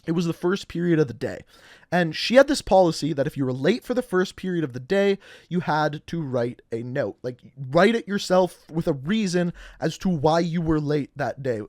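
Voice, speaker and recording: A young man from Canada casually telling funny school stories, animated and acting out the people he quotes. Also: high voice, no room sound, clean studio sound. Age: young adult. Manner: animated, acts out quotes with laughs. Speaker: storyteller. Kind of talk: casual storytelling.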